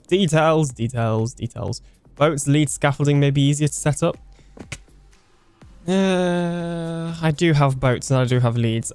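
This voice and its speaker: A man's voice: medium pitch, a little mellow. Young British male streamer, casual and chatty, laughs easily, reads chat aloud, faint music behind. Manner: chatty, laughs often, trails off mid-sentence. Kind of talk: casual live-stream chat reading comments.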